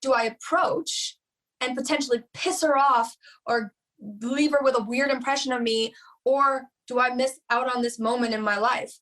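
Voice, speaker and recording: Female guest in her 30s, slightly high voice, animated and giggly in loose chat. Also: normal speed. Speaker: songwriter guest. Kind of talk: casual gossip chat.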